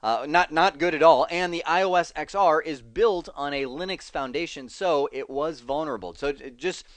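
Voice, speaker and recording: A man's voice: on the high side, normal speed, no echo. Chatty male networking instructor, dry close sound. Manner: chatty, thinks aloud, self-correcting, wry asides. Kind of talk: casual screen-recorded tech lesson.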